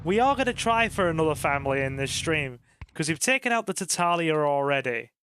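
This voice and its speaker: A man's voice: fairly high pitch, brisk, clean tone. A man hosting a gaming stream, chatting casually with his co-host and reading out viewer comments. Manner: relaxed, chatty, reads chat aloud. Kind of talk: casual let's-play chat.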